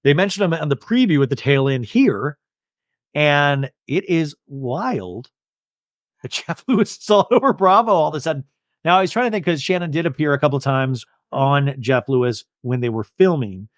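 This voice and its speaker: A man's voice: on the high side, expressive, moderate pace, dry recording, studio quality. A young man hosting a podcast, chatting in a gossipy, tired way. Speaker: podcast host. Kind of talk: casual chat.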